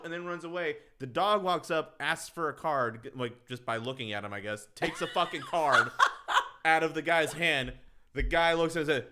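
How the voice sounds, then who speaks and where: A man's voice: a little high, a little fast, bright, forceful tone. A man co-hosting a podcast, retelling a movie scene by scene and acting out its lines with lots of swearing. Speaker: podcast co-host. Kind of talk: casual chat.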